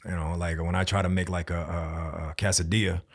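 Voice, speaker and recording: A man's voice: sits low, flat delivery, a little fast, gravelly. A man hosting a podcast, talking in a laid-back, slangy way in casual conversation. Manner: laid-back slangy talk with frequent laughs.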